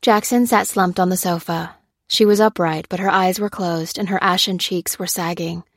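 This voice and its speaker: A woman narrating an audiobook in a steady, measured storytelling voice. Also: on the low side, no echo, studio quality. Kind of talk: scripted narration.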